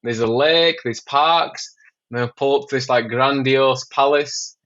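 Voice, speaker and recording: A man from England, a documentary filmmaker, guesting on a podcast and telling stories in an animated, casual way, swearing a lot and often saying "man". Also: medium pitch, a little slow, muffled recording. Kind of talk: casual storytelling.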